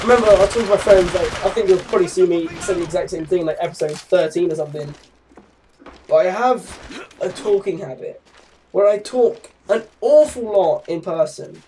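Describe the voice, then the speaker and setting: A man's voice: high voice, moderate pace, darkish tone, far from the mic, a little hiss or hum. A young man with a put-on Australian accent, giving chatty, rambling gameplay commentary and swearing casually. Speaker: gaming YouTuber.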